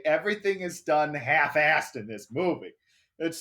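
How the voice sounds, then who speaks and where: A man co-hosts a comedy podcast and fires off sarcastic quips. His voice is fairly high and bright, and it swings up and down with lively shifts. He keeps the banter dry and mocking. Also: moderate pace. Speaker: co-host.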